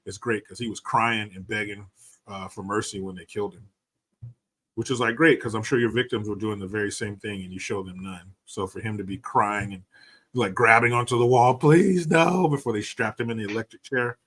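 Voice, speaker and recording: A man's voice: fairly low pitch, steady tone, a little fast, a bit bright, breathy edge. A man hosting a casual podcast, talking bluntly and loosely with lots of swearing. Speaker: podcast host.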